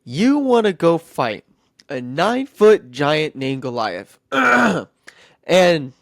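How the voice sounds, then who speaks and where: A blunt king voiced by a man who sounds pitched up and loud with disbelief, talking down to a child. His lines swing widely in pitch and come across dry and close. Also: big pitch swings, slow pace, creaky, no room sound, full character voice. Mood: incredulous. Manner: incredulous, talking down to a kid. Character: skeptical blunt king Saul, adult man.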